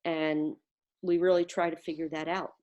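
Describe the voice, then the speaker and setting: Low-voiced woman telling her story. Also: little pitch movement, normal speed, a little mellow, dull audio. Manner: earnest, vivid storytelling. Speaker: interviewee. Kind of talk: personal account on a video call. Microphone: video call.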